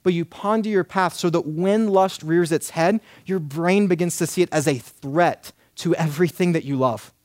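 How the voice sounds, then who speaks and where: A man's voice: fairly high pitch, normal speed, few pauses, darkish tone, no echo, studio quality. A man in his thirties preaching a sermon, earnest and emphatic, building points through repeated lists. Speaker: pastor.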